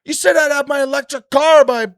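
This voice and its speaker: A man voicing a petulant, manic male clown villain, yelling in a high squealing pitch. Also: fairly even intonation, a little fast, no echo, studio quality. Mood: indignant yelling.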